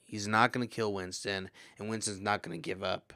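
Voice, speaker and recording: A man co-hosting a podcast, reviewing a movie in an excitable, rambling, profane way. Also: fairly low pitch, fairly quick, vocal fry, no echo. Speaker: podcast co-host. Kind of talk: casual movie review chat.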